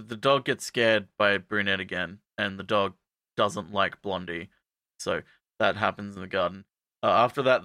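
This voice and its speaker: A bright-toned man on a podcast, talking close to a dry mic as he tells an anime plot. He slips in and out of silly character voices, jumping high for the quotes. His delivery is casual and comedic. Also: smooth, dry recording. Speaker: podcast co-host recapping anime.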